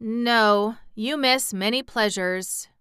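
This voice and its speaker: A woman's voice: fairly high pitch, animated, a little slow, pushed and bright, clear, resonant tone, dry recording, clean studio sound, pitched above the performer's own voice. Woman voicing Jim, a proud boastful cab horse. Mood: pitying. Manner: haughty, pitying.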